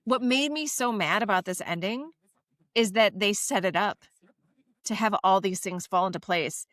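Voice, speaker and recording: Female podcast co-host, emphatic storyteller, mid pitch, dry close mic. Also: moderate pace, a bit bright, no echo. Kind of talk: casual podcast chat about TV dramas.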